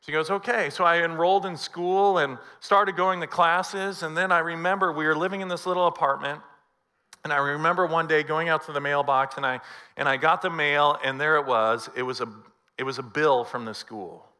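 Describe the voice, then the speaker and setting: A middle-aged pastor preaching a sermon, telling a personal story and acting out the dialogue. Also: male voice, fairly high pitch, fairly even intonation, normal speed, pushed and bright.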